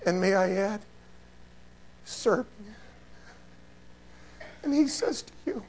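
Male pastor, higher register, emphatic sermon storyteller. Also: lively intonation, slow pace, pauses often, slight background noise. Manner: emphatic storytelling preacher, dropping to hushed prayer.

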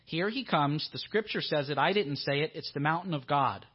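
A man preaching a sermon in a church, with a fairly high voice. He sounds earnest and often repeats his questions for emphasis. The audio is dull and lo-fi. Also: expressive, normal speed, slightly rough.

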